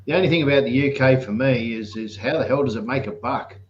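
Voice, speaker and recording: A man's voice: mid-range voice, quick pace, muffled recording, slight background noise. A man chatting casually and laid-back, mostly backing up the other speaker with short agreements. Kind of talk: casual chat.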